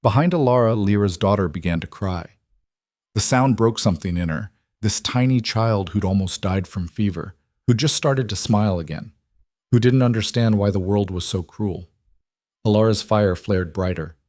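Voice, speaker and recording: A man narrating a fantasy romance audiobook in a steady storytelling way. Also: fairly low pitch, moderate pace, no echo, clean studio sound.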